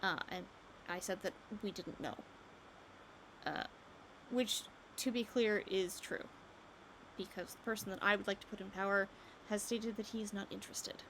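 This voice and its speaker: A woman's voice: mid-range voice, moderate pace, a bit bright, slight background noise, close to an everyday voice, low-quality recording. A woman voicing a candid, emphatic rebel leader. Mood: confiding.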